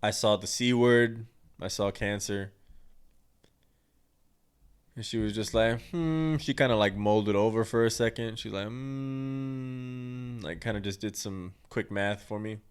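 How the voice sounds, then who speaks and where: His voice is on the low side, level and clean, at normal speed with long pauses. The young man hosts his own podcast, telling a personal story in a blunt, crude, rambling style laced with swearing.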